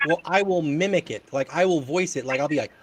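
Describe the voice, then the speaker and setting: Guy hosting a chat show, rambles n restarts, voice a bit on the high side. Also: a little fast, slightly rough. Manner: rambling, restarts often, casual swearing. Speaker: host. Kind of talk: casual chat.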